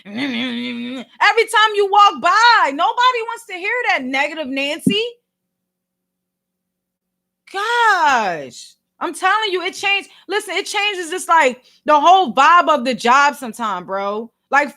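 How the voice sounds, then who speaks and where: Philly woman venting on her vlog, super high pitched voice, all fired up and slangy. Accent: Philadelphia. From Philadelphia. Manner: exasperated, animated ranting full of slang. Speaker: vlogger and podcast host. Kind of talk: ranting commentary.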